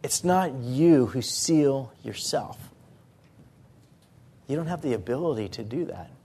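A pastor preaching a sermon in church, talking through scripture in a conversational way with rhetorical questions. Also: male voice, medium pitch, animated, measured pace, mellow, husky.

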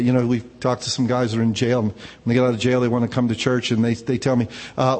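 A man's voice: medium pitch, flat delivery, fast, darkish tone, in a large hall. A male pastor preaching a conversational sermon, telling personal stories in a casual, informal way. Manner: informal, personal storytelling, frequent "man" asides.

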